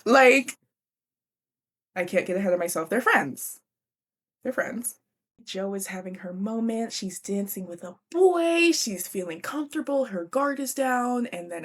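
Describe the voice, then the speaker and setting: A woman's voice: fairly high pitch, very animated, unhurried. A young woman hosting a book podcast, chatty and giggly, casually swearing as she recaps a classic novel.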